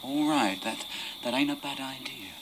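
A man voices an eager, scheming drifter who stammers out his words in a drawl. His voice sits at a middle pitch. A heavy hiss runs under the recording. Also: normal speed, lightly acted. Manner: stammering, excited. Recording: loud hiss over the voice.

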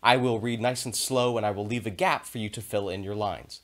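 A man teaching a theater video lesson to young children, speaking in a clear, encouraging and expressive way. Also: on the low side, a little fast.

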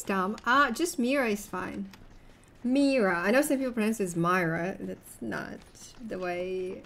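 A young woman streaming a game, chatting loosely and rambling to her viewers, with the odd swear. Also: fairly high pitch. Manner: rambling, loose and swearing, talks straight to chat. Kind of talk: casual gameplay chat with viewers.

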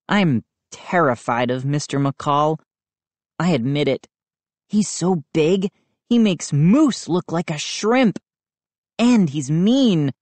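A woman narrating a children's book aloud in an expressive storytelling manner. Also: low-pitched, takes it slowly, no room sound. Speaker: audiobook narrator. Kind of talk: children's book read-aloud with character voices.

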